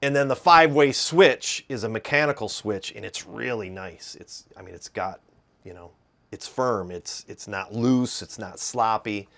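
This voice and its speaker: Man, Midwestern accent, fairly low voice, casual rambling talk, hesitant. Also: moderate pace, creaky, fairly bright tone. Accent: Midwestern American. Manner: rambling, hesitant, full of fillers and restarts. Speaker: guitar video host.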